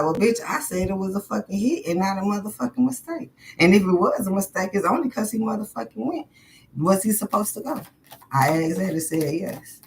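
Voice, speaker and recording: A woman's voice: deep voice, slight background noise, low-quality recording. A woman doing a casual live tarot reading, talking bluntly to her viewers with lots of swearing and frequent laughter. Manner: profane, blunt and chatty with viewers; laughs often between questions. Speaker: tarot card reader. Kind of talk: casual live-stream chat.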